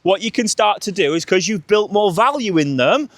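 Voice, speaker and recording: Animated man coaching a dog game. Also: sits high, moderate pace, dry recording. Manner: energetic, coaching, calls sharp cues to the dog. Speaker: dog trainer. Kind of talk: demonstrating and explaining a dog training game.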